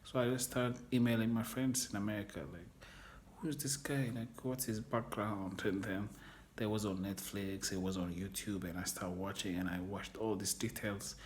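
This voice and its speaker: A man's voice: on the low side, steady tone, moderate pace, darkish tone, slight background noise. A man telling his own story in an interview, frank and rambling, searching for words and swearing casually. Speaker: documentary interviewee. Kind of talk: candid personal storytelling.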